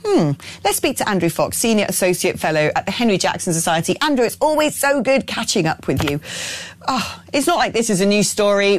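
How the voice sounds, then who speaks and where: A sardonic woman hosting a political talk show, pressing her guest with pointed, opinionated questions. Her voice sits at an ordinary middle pitch and sounds close and dry on a studio mic. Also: no room sound. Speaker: presenter.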